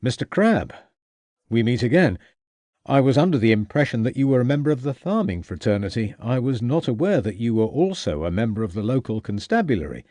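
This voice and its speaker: A man doing a calm, courteous Victorian detective. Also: medium pitch, a little fast, no echo, lightly acted.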